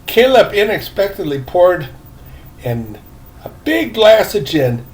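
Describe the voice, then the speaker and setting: An older man reading a novel aloud, unhurried, now and then breaking off with asides of his own. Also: sits high, sing-song. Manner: unhurried, breaks off to chat about his drink. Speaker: reader.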